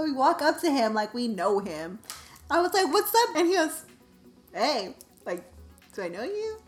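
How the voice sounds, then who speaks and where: A young woman telling a story on her vlog in a casual, animated, self-mocking way, full of "like". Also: high-pitched. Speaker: vlogger.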